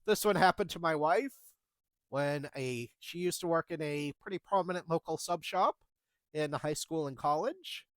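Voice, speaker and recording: A man's voice: on the high side, moderate pace, dry recording. A man in his thirties telling retail work stories in a casual, wry way, acting out the dialogue as he goes. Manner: chatty, wry, acts out the dialogue. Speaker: storyteller recounting retail jobs. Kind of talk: casual storytelling.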